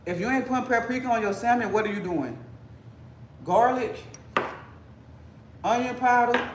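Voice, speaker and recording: A man's voice: very high-pitched, lively intonation, normal speed, background noise. A man hosting a casual cooking livestream, talking playfully and teasing his chat while he cooks. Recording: echoey room.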